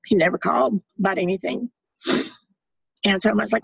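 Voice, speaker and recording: A woman's voice: mid-range voice, fairly quick, creaky, a bit bright, husky, no room sound, dull audio. A middle-aged woman giving candid, plain-spoken personal testimony. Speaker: storyteller.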